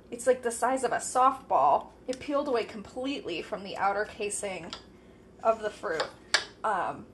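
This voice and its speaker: A woman's voice: on the high side, a little hiss or hum. A woman hosting a casual podcast, thinking aloud with lots of fillers as she eats, sometimes talking with her mouth full. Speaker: podcast host. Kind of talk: casual solo chat.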